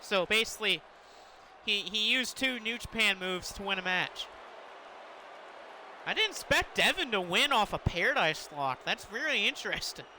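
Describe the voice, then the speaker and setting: A high-voiced man rambles excitedly over a wrestling video game, laughing and yelling at the ref. The home recording carries a clear layer of background noise. His talk is loose and chatty. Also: normal speed. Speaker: gaming commentator. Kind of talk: casual let's-play commentary.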